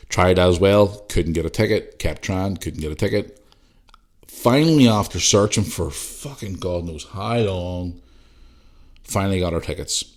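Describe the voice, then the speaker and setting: Low-voiced man telling a story. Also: a little mellow. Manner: swears often, retells his own thoughts in quotes. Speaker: podcast host. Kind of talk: casual solo podcast storytelling.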